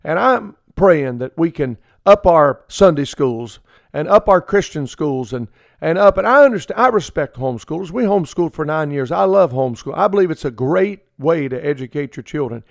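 A man's voice: a little high, expressive, normal speed, vocal fry, dry recording. A middle-aged man preaching a folksy radio sermon, acting out the people he quotes.

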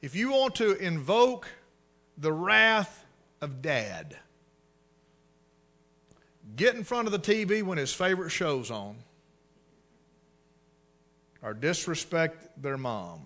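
A middle-aged male pastor preaching a sermon, swinging from hushed asides to loud, emphatic bursts. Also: on the high side, big pitch swings, takes it slowly, long pauses.

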